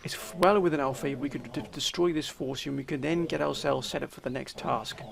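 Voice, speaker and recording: A man commentating his strategy game, theatrically addressing viewers as sir and gentlemen. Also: on the high side, steady tone, a little fast, vocal fry. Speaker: let's play commentator.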